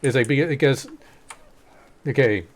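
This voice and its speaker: A man's voice: medium pitch, moderate pace, slight background noise. A man streaming a game and chatting casually, wandering through long lore explanations with plenty of fillers. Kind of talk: casual gaming chat.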